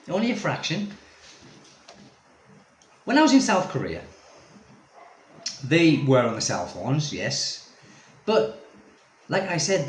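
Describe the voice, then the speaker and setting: A man vlogging as an expat, ranting casually to camera in a rambling, exasperated way full of tag questions. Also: fairly high pitch. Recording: echoey room.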